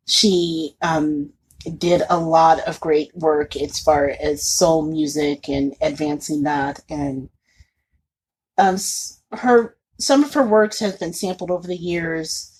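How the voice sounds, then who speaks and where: A woman's voice: deep voice, darkish tone, husky. A woman co-hosting a podcast, chatting casually and laughing often. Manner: chatty and giggly, with frequent laughter. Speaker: podcast co-host. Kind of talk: casual chat.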